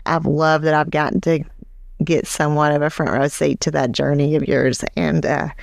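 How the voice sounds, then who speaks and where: A woman co-hosting a faith podcast, gently affirming her guest and reflecting on surrender. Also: sits low, flat delivery, normal speed, gravelly, dry recording, clean studio sound. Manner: gentle, affirming, tearful warmth in words. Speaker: podcast co-host.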